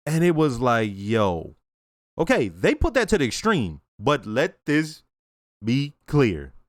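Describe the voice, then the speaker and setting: Animated, blunt young man reviewing a show. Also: mid-range voice, dry recording, clean studio sound. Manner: blunt and profane, animated, acts out characters in quick asides. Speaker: reaction channel host. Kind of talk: casual review after watching an episode.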